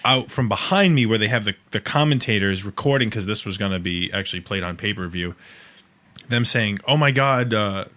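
A man's voice: fairly low pitch, a little fast. A man, co-hosting a podcast and telling long, self-correcting stories in casual chat. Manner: animated storyteller, rambling and self-correcting. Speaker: podcast co-host.

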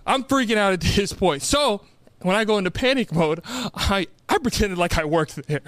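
A man's voice: sits high, normal speed. A young man co-hosting a podcast, telling a story in casual chat with lots of laughter and self-mockery. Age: young adult. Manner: animated storytelling, laughs often, self-mocking. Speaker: podcast co-host.

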